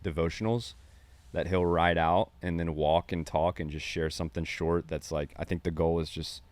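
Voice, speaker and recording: A man co-hosting a casual podcast, asking quick questions in a teasing way. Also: deep voice, fairly even intonation, a little mellow, no echo. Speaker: podcast co-host.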